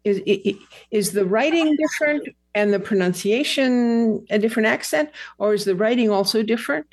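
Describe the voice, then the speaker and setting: A woman's voice: a little high, expressive, a little fast, darkish tone. A woman host in casual conversation, asking curious questions and teasing her guest lightly.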